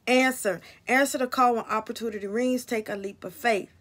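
A woman's voice: fairly high pitch, fairly even intonation, fairly quick, fairly bright tone. A woman card reader talking casually and bluntly to her viewers about spirits and signs, swearing freely.

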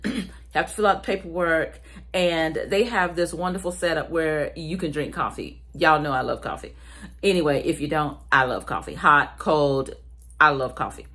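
A woman's voice: low-pitched, moderate pace, a bit bright. A woman from South Carolina with a Southern US accent, chatting casually to her viewers and calling them "y'all.". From South Carolina, USA. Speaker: vlogger.

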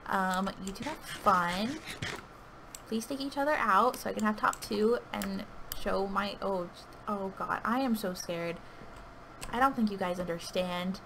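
A woman giving anxious, pleading live commentary on her own gameplay, with sudden loud outbursts. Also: mid-range voice, gravelly, background noise. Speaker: gaming video creator. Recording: keyboard clicking audible behind voice.

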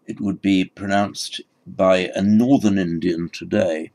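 A man's voice: sits low, steady tone, slow pace, darkish tone. A man teaching a Sanskrit lesson, explaining patiently and correcting himself as he goes. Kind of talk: recorded language lesson.

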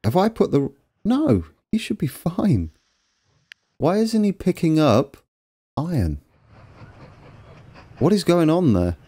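Hosting a let's play, a man chats casually with viewers while fixing trains, poking fun at his own mistakes. His voice is fairly high, very animated and slow, with frequent pauses, a dark tone and a breathy edge.

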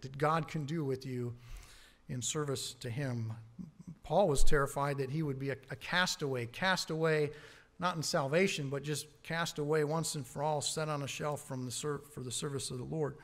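A man preaching a sermon as pastor, earnest, rising on key words and dropping low on asides.

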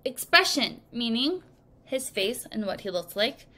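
A woman teaching English vocabulary to children in a recorded lesson, speaking slowly and clearly and acting out example sentences. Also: a little high, very animated, sharp tone. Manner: slow, clear teacherly delivery with acted examples.

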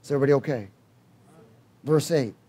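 A man preaching a sermon, quizzing the congregation and swinging between loud exhortation and quiet asides. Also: medium pitch, brisk, slightly rough.

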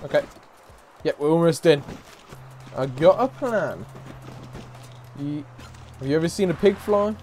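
A man commentating a game, loud and mocking, swearing and taunting characters. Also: on the high side, animated, measured pace, long pauses, a little hiss or hum. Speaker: gaming YouTuber. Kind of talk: let's play commentary. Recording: game music faint behind.

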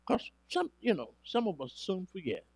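A man preaching a sermon, animated and swinging between loud emphasis and quiet asides. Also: sits high, moderate pace, no echo. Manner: acts out quoted scripture speakers dramatically.

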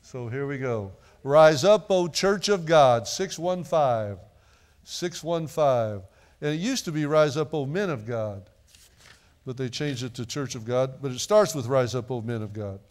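A man's voice: medium pitch, lively intonation, unhurried. A middle-aged man preaching a sermon in a church, earnest and repeating phrases for emphasis. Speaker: pastor. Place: church sanctuary.

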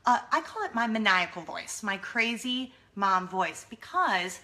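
Chatty mom vlogger. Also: female voice, mid-range voice, measured pace. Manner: chatty, self-deprecating, animated. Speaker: vlogger, mother of two. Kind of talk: casual vlog chat.

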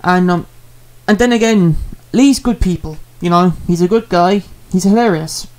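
A man's voice: high-pitched, moderate pace, a little mellow. A man, a streamer talking casually and earnestly, rambling and repeating himself with many fillers as he apologizes to a viewer.

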